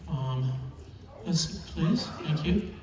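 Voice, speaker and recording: A man's voice: fairly high pitch, expressive, very slow, recorded from a distance, crowd noise. A man giving a keynote speech on stage, telling stories in a chatty, chuckling, emotional way. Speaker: keynote speaker. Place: large event hall. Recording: echoey hall, mic heard from afar.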